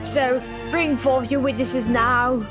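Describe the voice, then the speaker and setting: A woman reading courtroom dialogue from a game aloud in a measured, formal way. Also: high-pitched, steady tone, over music.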